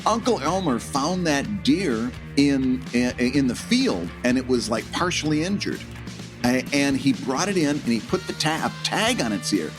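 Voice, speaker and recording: A man's voice: medium pitch, normal speed, music in the background. A man with a Midwestern American accent, co-hosting a podcast, telling a story in a casual chat and laughing often. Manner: animated storyteller, laughs often, acts out the voices of relatives. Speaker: podcast co-host.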